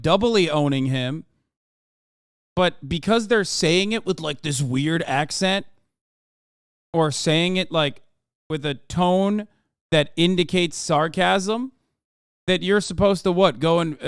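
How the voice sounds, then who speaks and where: A man's voice: a little high, clear, resonant tone, no room sound, studio quality. A man streaming live, reacting to the news in a sarcastic, rambling rant full of fillers. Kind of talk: casual live-stream commentary.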